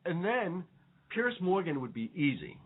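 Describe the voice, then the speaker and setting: A man's voice: high-pitched, very animated, a little slow, husky. A man co-hosting a radio talk show, bantering casually with many fillers and laughing often. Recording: phone-like narrow audio.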